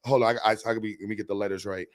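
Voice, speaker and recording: A man's voice: on the low side, fairly even intonation, very fast, no echo, clean studio sound. Man rambling casually to his stream chat. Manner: rambling, profane, joking. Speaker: livestreamer.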